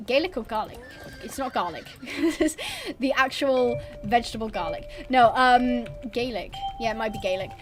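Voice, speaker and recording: A woman's voice: fairly high pitch, moderate pace, soft background music. A young woman hosting a casual livestream, rambling chattily, reading out chat messages and laughing often. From born abroad on a military base, British. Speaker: livestream host.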